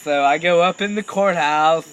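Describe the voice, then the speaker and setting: A young man telling a crude, animated comic anecdote and laughing at his own jokes. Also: on the high side, normal speed, clear, resonant tone, rough recording. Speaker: storyteller.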